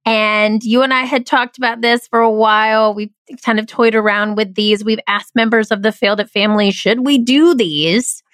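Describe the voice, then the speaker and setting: A woman's voice: mid-range voice, little pitch movement, a little fast, few pauses, fairly bright tone, smooth, no echo. A woman hosting a podcast, chatting enthusiastically with frequent restarts. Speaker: podcast host. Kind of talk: casual podcast chat.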